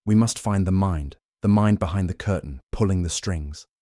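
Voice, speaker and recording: A man voicing a fussy elderly Belgian detective, speaking softly and precisely. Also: low-pitched, normal speed, no echo, clean studio sound, natural voice. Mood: courtly. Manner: soft, courtly, precise.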